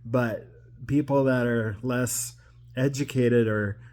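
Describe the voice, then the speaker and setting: A man's voice: medium pitch, steady tone, slow pace, darkish tone. A man in his forties from the Pacific Northwest, talking to camera in a personal monologue, emotional and rambling, with restarts and repeated phrases. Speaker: vlogger.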